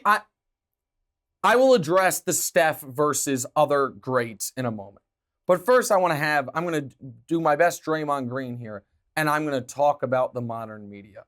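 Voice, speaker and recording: A man hosting a sports talk show, delivering opinionated commentary in an emphatic, animated way. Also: on the high side. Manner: emphatic, animated, talks with his hands.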